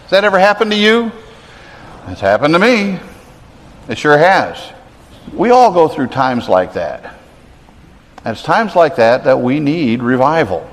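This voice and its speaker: A man's voice: on the high side, big pitch swings, a little slow, pauses often. Male pastor, earnest sermon, conversational with emphatic rises, long hall reverb.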